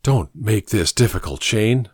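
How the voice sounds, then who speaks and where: A man's voice: fairly low pitch, lively intonation, unhurried, a little mellow, breathy edge, no echo, studio quality. Man voicing a protective, worried mother. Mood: pleading. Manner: pleading then stern, protective. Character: worried, firm mother, woman in her thirties.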